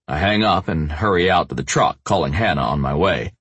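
A man's voice: low voice, fairly quick, few pauses, fairly bright tone, slightly rough, dry recording. A man narrating a first-person romance novel as an audiobook, lifting his voice to play the other characters.

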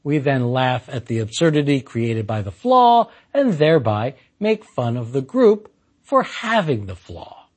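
A man's voice: mid-range voice, sing-song, measured pace. A man giving a scripted philosophy lecture in an emphatic way with dry humor.

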